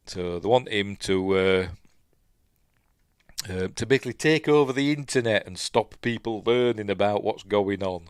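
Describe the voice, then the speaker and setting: A man's voice: lowish voice, smooth, dry recording, studio quality. Rambling Yorkshire man recapping a film. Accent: Yorkshire English. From Yorkshire, England. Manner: rambling, self-deprecating, lots of fillers and asides. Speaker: podcast host reviewing films. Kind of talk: casual movie recap and commentary.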